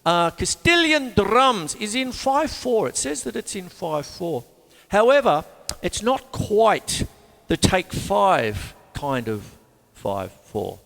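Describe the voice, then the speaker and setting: A man with an Australian accent hosting a casual drum lesson, chatty and animated, counting beats aloud. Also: high-pitched, slow pace, gravelly, big-room sound. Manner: animated, chatty, breaks into counting and scat sounds. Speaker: drum teacher and show host. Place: home room with a couch.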